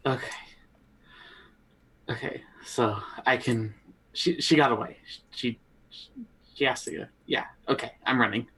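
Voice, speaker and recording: Male player, slow-talking, halting, unsure as he acts his move. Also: medium pitch, fairly bright tone, slightly rough, poor audio. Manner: hesitant, halting speech with restarts. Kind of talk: tabletop game play.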